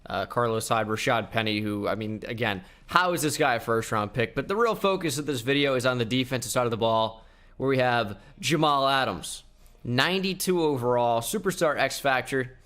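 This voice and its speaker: A man's voice: medium pitch, a bit bright. Chatty young man narrating gameplay. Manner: chatty, rambling, quick asides. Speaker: video game YouTuber. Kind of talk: casual gameplay commentary.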